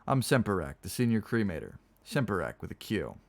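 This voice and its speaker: A man's voice: fairly low pitch, very animated, a little fast, vocal fry. A man voicing a fussy, vain aging male cremator with a slight stutter, in a read-aloud story. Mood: mannered.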